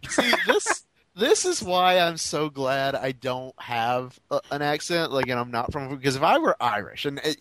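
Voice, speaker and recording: A man co-hosting a casual comedy podcast, animated and giggly as he riffs on jokes. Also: mid-range voice, a little slow, a little hiss or hum. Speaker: podcast co-host.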